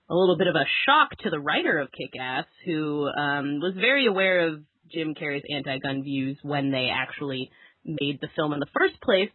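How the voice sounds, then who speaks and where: A woman's voice: on the low side, breathy edge, no echo. Chatty young woman, tinny dry sound. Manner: chatty, lots of "like" fillers, giggly. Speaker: podcast co-host. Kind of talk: casual chat.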